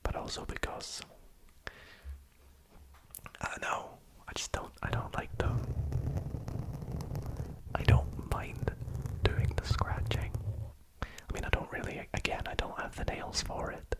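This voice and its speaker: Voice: slow, pauses often, poor audio. An ASMR creator whispering casually into a close studio microphone, rambling with frequent restarts. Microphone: close studio microphone, sometimes with pop filter.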